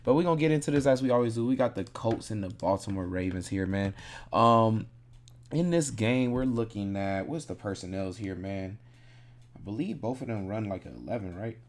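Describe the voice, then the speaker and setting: A man's voice: on the low side, fairly quick. A man casually breaking down fantasy football picks, thinking aloud in a laid-back, rambling way and correcting himself as he goes.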